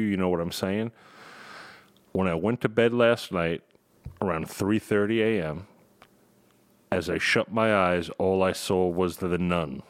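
Deep-voiced Long Island man. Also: no room sound. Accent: Long Island New York. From Long Island, New York. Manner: laid-back, easygoing storyteller. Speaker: podcast co-host. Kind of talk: casual chat.

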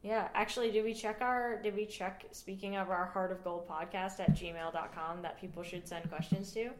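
A woman co-hosting a podcast in casual chat, playful and quick to laugh. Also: medium pitch, steady tone, a little hiss or hum. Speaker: podcast co-host. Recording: echoey room.

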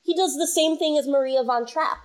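Woman host, slightly high voice, wry and opinionated casual banter. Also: brisk, over a noisy crowd. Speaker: podcast host. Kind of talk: casual chat.

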